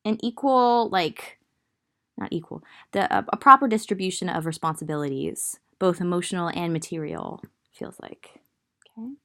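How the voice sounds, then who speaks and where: Southern gal doing a chill tarot reading, kinda low voice, rambles a lot with lots of um and like. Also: female voice, normal speed, a bit bright. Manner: rambling, thinks aloud with many fillers. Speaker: tarot reader.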